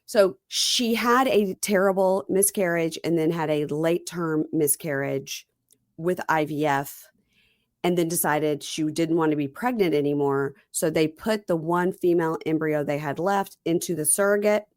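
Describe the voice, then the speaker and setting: A woman's voice: low voice, measured pace, no echo, clean studio sound. A woman hosting a podcast, chatting casually about reality TV and telling stories with quoted voices. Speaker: podcast host.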